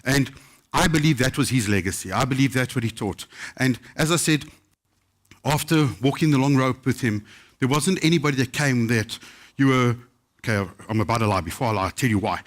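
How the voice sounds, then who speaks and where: A middle-aged chef from South Africa spins funny anecdotes for a festival crowd, his voice sitting at an ordinary middle pitch. He talks in a lively, humorous way and often slips into other people's voices for the quotes. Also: a little fast. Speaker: chef telling stories at a book festival. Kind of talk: live anecdotal storytelling to an audience.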